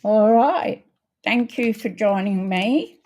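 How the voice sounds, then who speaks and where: An older woman hosting a casual card-making livestream, chatting in an unhurried way with many ums and greeting viewers by name. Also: mid-range voice, warm tone. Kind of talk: casual crafting livestream chat.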